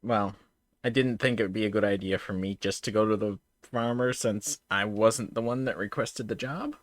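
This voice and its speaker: A man's voice: on the low side, moderate pace, dry recording. A man talking casually as a player in a tabletop role-playing game, self-deprecating and prone to laughter and stammering.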